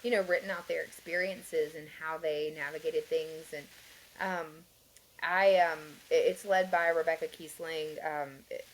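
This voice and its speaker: A woman's voice: low-pitched, fairly even intonation, measured pace, rough recording. A woman guest on a podcast, earnestly telling her personal story in a rambling way, with many fillers and light laughs. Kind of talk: conversational interview, personal story.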